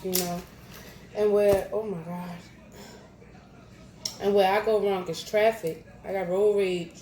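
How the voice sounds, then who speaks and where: A young woman chats her way through an eating vlog at home, talking slowly between bites. She laughs at herself and keeps it loose and chatty. The room is echoey, with steady noise under her voice. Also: mid-range voice. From New Jersey. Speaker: mukbang vlogger. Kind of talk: casual eating vlog chat.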